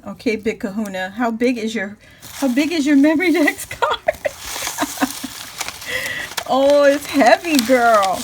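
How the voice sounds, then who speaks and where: High-pitched, gushing woman crafter. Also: noisy background. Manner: gushing, squealing with delight, lots of laughter. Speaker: craft vlogger opening birthday mail. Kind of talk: casual unboxing chat to viewers. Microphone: phone camera.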